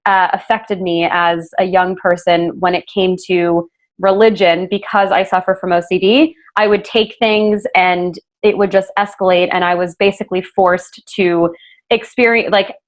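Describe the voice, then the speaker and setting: A woman hosting a podcast interview, talking in an earnest, casual way with many fillers and self-corrections. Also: lowish voice. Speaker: podcast host interviewing a guest.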